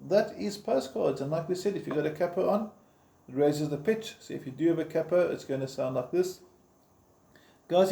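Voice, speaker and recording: A man's voice: a little high, dark tone. Man teaching guitar in a roomy space. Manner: counts beats aloud while playing; encouraging, informal. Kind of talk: step-by-step instruction. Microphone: camera framing the guitar. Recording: roomy echo with guitar playing.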